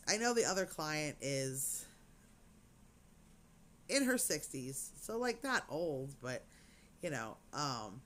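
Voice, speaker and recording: A woman's voice: deep voice, a bit bright, slight background noise. A woman chatting casually to camera as a crafting vlogger, rambling with lots of "you know"s.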